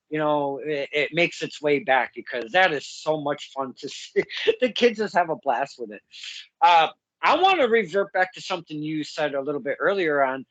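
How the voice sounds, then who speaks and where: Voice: medium pitch, fairly bright tone, no room sound, poor audio. A podcast host conducting a casual interview, talking animatedly and often laughing mid-sentence.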